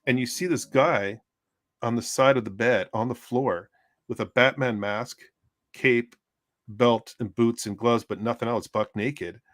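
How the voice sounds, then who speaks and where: Laughing, animated male storyteller, dry sound. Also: medium pitch, unhurried, no room sound. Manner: animated storyteller, acts out voices, laughs often. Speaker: first responder telling a call story. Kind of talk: casual storytelling among friends. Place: home art studio, on a livestream.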